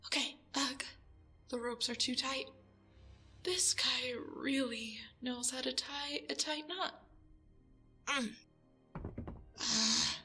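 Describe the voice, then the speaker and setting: Captive girl, voiced by a woman, audio drama; high bright voice, slow delivery, stammers. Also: heavily acted. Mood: tense, frightened. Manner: whispery, breathless and stammering. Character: frightened young woman held captive. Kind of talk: audio drama role-play.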